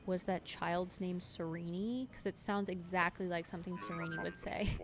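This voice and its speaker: A woman's voice: on the low side, fairly even intonation, normal speed. A woman streaming a video game, chatting casually with her viewers in a playful, teasing way. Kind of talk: casual gameplay livestream chat. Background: game music.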